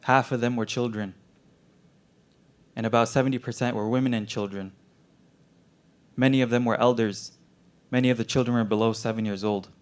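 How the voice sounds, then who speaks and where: A young man voicing a gentle, sorrowful male doctor from a war zone who asks quiet, probing questions. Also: medium pitch, moderate pace, long pauses, lightly acted. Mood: gently probing.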